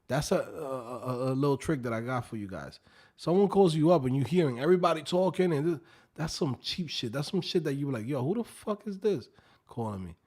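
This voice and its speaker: A man hosting a casual live stream, telling a story in an animated, joking way and swearing often. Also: mid-range voice. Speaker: coding instructor and live stream host.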